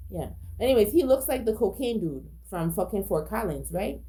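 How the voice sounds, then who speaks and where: A woman's voice: medium pitch, expressive, moderate pace, mellow. A woman telling a personal story in a casual monologue, agitated, profane, emphatic and repetitive. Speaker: storyteller recounting a personal incident.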